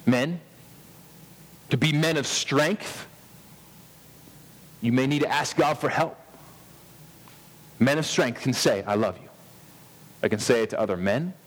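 An earnest man in his thirties preaching a sermon. He speaks in an ordinary middle pitch, pausing for emphasis and often restarting mid-sentence. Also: in a large hall. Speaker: pastor.

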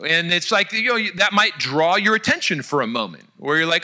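A man preaching a sermon, telling an illustration with animated energy and dropping to soft, hushed tones for emphasis. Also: sits high, a little fast, few pauses. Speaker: pastor.

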